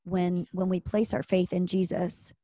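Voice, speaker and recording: A woman's voice: on the low side, little pitch movement, unhurried, dark tone. A woman hosting a faith podcast, reflecting on and quoting scripture in a reassuring way. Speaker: podcast host. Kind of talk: podcast interview.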